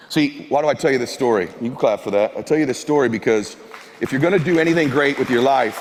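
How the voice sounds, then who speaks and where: A man giving a motivational keynote speech on stage, telling a personal story with impassioned swings from hushed to shouting. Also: medium pitch, fast, a faint crowd, a little hiss or hum. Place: large conference hall. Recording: live hall with long reverb.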